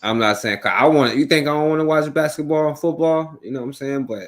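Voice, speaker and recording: A man's voice: fairly high pitch, fast talker. A man hosting a casual podcast chat, talking loosely and often repeating "you know what I'm saying". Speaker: host.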